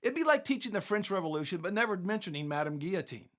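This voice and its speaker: A man hosts his own podcast, his voice sitting somewhat high. He reads prepared commentary emphatically and keeps turning to the listener with rhetorical questions. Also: very animated, fast, a bit bright. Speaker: podcast host.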